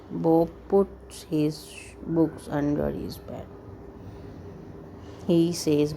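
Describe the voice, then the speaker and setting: A woman reads simple children's stories aloud for a lesson, commenting as she goes and clearing her throat now and then. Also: low voice, mellow, a little hiss or hum, low-quality recording. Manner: slow, deliberate reading with little comments and throat clearing. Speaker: English teacher for children.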